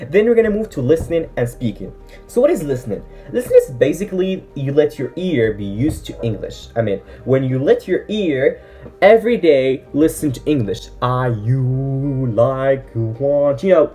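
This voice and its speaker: A woman with a very deep, mellow voice, whose first language is Arabic, gives casual vlog advice. Her pitch moves about with lively ups and downs. She sounds earnest and encouraging, with plenty of fillers and restarts, over faint background music. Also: brisk. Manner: earnest, encouraging, many fillers and self-corrections. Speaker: English-learning vlogger.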